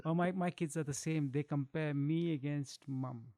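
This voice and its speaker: A middle-aged man with a gravelly edge to a fairly high voice talks relaxedly about his cooking and his kids. The sound is close and dry, with no room around it. He chuckles often and restarts phrases as he goes. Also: steady tone, normal speed, dark tone, no room sound. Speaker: chef and guest. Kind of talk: casual chat.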